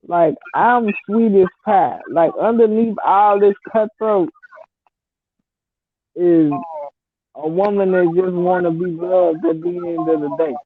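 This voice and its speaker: In a lowish voice at a measured pace, a thirty-something woman from Detroit, Michigan tells a story in a casual, blunt way. The vlogger's Detroit accent has a Southern US edge, and the audio sounds dry and tinny, like a phone.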